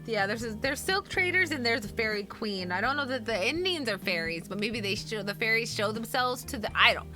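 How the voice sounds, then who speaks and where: A woman's voice: fairly high pitch, lively intonation, a little fast, hardly any pauses. A woman streamer who chats, reads a story aloud and greets viewers in a bubbly, giggly, gushing way. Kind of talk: casual stream chat and book reading. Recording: guitar music behind.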